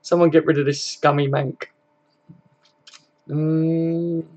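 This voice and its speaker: Gravelly man hosting a late-night fan stream. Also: a little high, normal speed. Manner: laid-back, swears freely, chuckles often. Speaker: football fan live-stream host. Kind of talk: casual live-stream chat, reading comments aloud.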